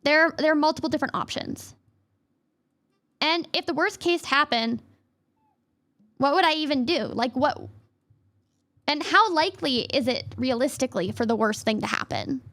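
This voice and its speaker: A high-pitched young woman talks through a livestream lesson in a loose, chatty way. She stacks up fillers, restarts her sentences often, and drifts between points. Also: moderate pace, pauses often, a bit bright. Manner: rambling, filler-heavy, lots of "like" and restarts; reads chat and thanks viewers in a high squeal. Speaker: VTuber streamer. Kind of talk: casual livestream lesson on cognitive distortions.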